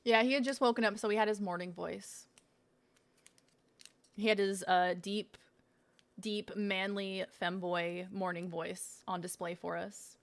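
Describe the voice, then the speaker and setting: A woman's voice: mid-range voice, fairly even intonation, unhurried, long pauses. A young woman streaming, chatting casually and swearing a lot while she tastes snacks. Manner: chatty, swearing, laughing, talking while eating. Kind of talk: casual unboxing stream chat.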